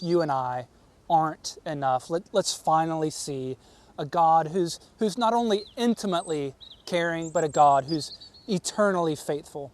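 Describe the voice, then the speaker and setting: A man's voice: fairly high pitch, a little mellow. A man preaching a sermon, earnest and emphatic, often repeating words as he presses a point. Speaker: pastor.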